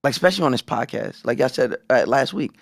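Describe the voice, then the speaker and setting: Animated, profane man telling a story. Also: medium pitch, fast talker, vocal fry, no echo. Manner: animated storytelling, profane, acts out quoted voices. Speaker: podcast co-host. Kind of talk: casual podcast chat.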